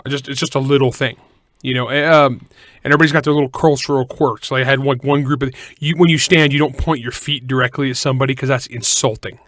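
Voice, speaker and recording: A man from California co-hosts a writing podcast in casual chat at a middle pitch. He rambles, restarts his sentences and drops deadpan jokes. He is heard close and dry, with no room sound. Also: quick pace, dry recording. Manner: rambling, self-correcting, joking asides. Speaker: podcast co-host.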